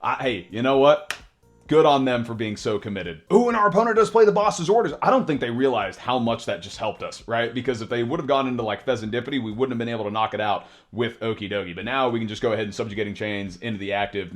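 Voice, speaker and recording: A man giving casual, excitable commentary over his own digital card game match, in a laid-back voice that says dude and bro a lot and laughs often between plays. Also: lowish voice, quick pace. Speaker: card game content creator.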